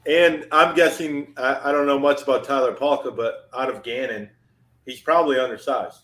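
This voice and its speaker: A man's voice: medium pitch, moderate pace, fairly bright tone, roomy sound. A man on a live draft stream panel, thinking aloud about players in casual chat. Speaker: guest panelist.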